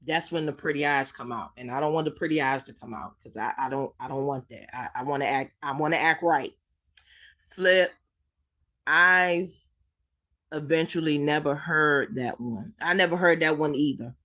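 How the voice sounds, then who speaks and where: Here a livestream host reads her chat in a low-sitting, slightly bright voice at a moderate pace. She's tender, addressing people as sweetie and baby, and fights back tears as she says things over again.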